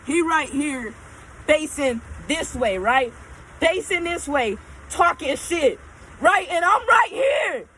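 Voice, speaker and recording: A woman telling a casual storytime, animated and emphatic, often checking in with her listeners. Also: sits high, slow, a little hiss or hum, low-quality recording.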